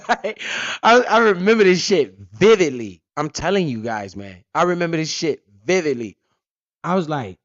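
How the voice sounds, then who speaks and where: A man's voice: on the high side, lively intonation, normal speed, a bit bright, no echo, highs cut off. A man hosting a casual crypto livestream, telling stories animatedly with lots of slang and swearing. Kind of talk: casual profane livestream talk.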